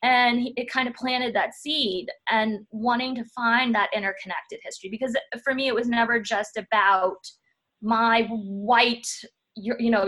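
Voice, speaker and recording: A woman, a historian talking through her path in a relaxed interview, pausing and restarting as she thinks. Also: on the high side. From Louisiana. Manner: thoughtful, frequent restarts and fillers. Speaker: historian guest. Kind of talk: casual interview talk.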